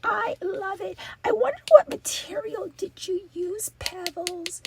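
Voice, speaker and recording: A woman hosting a crafting channel, chatting casually and gushing with excitement as she opens gifts from viewers. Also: extremely high pitch, measured pace, background noise. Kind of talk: casual unboxing chat.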